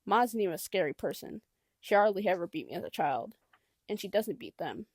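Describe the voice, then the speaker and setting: A woman narrating a novel in the first person, reflective and intimate. Her mid-pitched voice carries a gravelly texture of vocal fry. The recording is close and completely dry. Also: expressive, brisk, a little mellow, no echo. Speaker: audiobook narrator.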